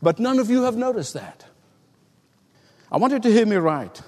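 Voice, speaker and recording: A man's voice: high-pitched, very animated, moderate pace, long pauses, darkish tone, long reverb tail. A middle-aged man preaching a sermon, telling stories and building emphatic repeated lines. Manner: storytelling, emphatic, repetitive build-ups. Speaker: pastor.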